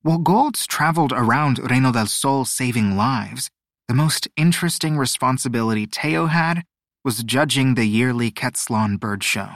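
A man narrating a storybook audiobook, expressive and measured. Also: mid-range voice, no room sound, clean studio sound. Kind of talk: scripted narration.

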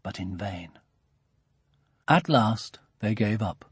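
Expressive man reading a storybook. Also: lowish voice, takes it slowly, breathy edge, no echo. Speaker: narrator. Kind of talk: children's storybook narration.

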